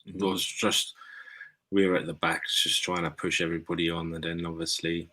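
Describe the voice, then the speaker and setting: A man's voice: deep voice, little pitch movement, moderate pace, pushed and bright, slight background noise. A man from England hosting a chat, telling a story in an earnest, rambling way. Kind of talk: casual chat.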